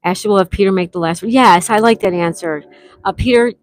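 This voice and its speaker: A woman hosts a casual livestream, chatting with viewers, reading their comments aloud and spelling out game letters. She speaks quickly at a medium pitch, with background noise audible.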